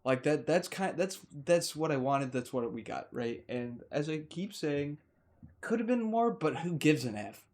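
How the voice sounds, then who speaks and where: A man giving a casual, rambling movie review indoors, gushing with excitement and cutting off his own sentences to restart them. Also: on the high side, a little slow. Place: indoors, warm room.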